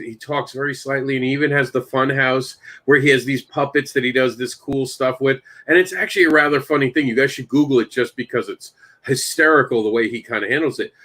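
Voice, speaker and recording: A man hosting a casual chat, telling long animated stories and addressing his co-hosts by name. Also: medium pitch, a little fast. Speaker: podcast host and comic creator.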